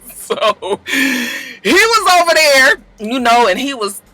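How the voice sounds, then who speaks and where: A man's voice: extremely high pitch, sing-song, slow pace, pushed and bright, no echo, low-quality recording. A man from Los Angeles, hosting a casual, profane gossip podcast, laughing often and acting out the people in his stories. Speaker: podcast host.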